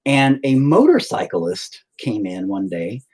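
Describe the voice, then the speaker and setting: A man's voice: mid-range voice, very animated, takes it slowly, darkish tone. A man talking to his live stream viewers while painting, in a candid, profane and self-deprecating ramble. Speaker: artist livestreaming while painting. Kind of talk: casual rambling chat. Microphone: laptop mic on a live stream.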